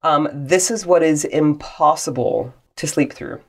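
A low-voiced woman chats casually as co-host of a podcast. She tells stories in an animated way, laughing and swearing freely. Recorded on a portable mic in a closet. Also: a little slow. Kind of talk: casual chat. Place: closet in a cottage.

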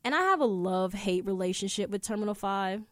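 On her own studio podcast, a New Yorker chats a little fast in a mid-range voice with lively intonation, and there's no echo. She rambles through casual stories, swearing plenty.

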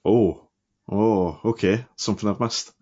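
A man's voice: on the low side, measured pace, a little mellow, muffled recording. A Scottish man co-hosting a football podcast, teasing and chuckling through casual banter. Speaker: podcast co-host.

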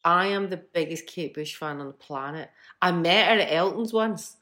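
A woman's voice: lowish voice, moderate pace, sharp tone. A middle-aged Scottish woman, a band frontwoman, telling stories bluntly in a casual interview, swearing freely. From Scotland.

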